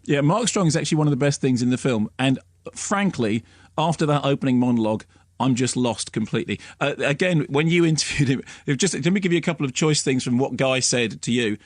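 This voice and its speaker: A man's voice: medium pitch, animated, a little fast, no echo. Sardonic male film critic, dry studio sound. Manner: sardonic, ranting, drops into mocking impressions. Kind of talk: radio film review.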